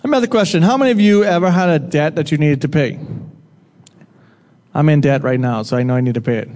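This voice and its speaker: A man delivering a sermon with a slightly raised pitch, talking to the room as if chatting with it. He puts questions to the crowd and teases them now and then. His voice rings out with a long reverb, as in a large hall. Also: fast talker, a little mellow. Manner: conversational, asks the audience questions and jokes with them. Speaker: preacher.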